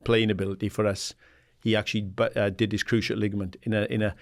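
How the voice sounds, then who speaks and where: A man in his sixties from England, a guest in an interview, telling animated stories and acting out the dialogue. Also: lowish voice, quick pace. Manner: animated anecdotes, acts out quoted dialogue, laughs often; swears casually, says "mate". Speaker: guest, former footballer and assistant manager. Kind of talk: casual storytelling interview.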